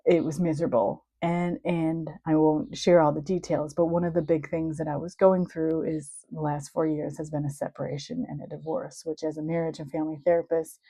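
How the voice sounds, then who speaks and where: A woman's voice: low voice, level tone, a little fast, hardly any pauses, dark tone, no room sound, rough recording. A middle-aged woman, a marriage and family therapist, talking candidly and reflectively about her own experiences. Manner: reflective, earnest, openly sharing. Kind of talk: candid personal talk.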